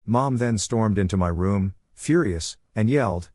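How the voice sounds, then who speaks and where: A man giving a steady, scripted narration of a story. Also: lowish voice, unhurried, no room sound.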